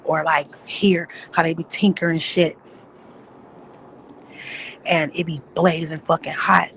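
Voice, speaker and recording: Woman vlogger, low gravelly voice, casual profane storyteller. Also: flat delivery, slow pace, a little hiss or hum, poor audio. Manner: profane, rambling storytelling with loud acted outbursts. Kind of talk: casual chat.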